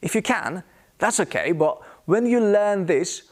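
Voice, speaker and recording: A man with a British accent teaches a scripted English pronunciation lesson, demonstrating each sound slowly and with exaggeration and repeating every example word. His voice sits a little high and is animated, swinging widely in pitch.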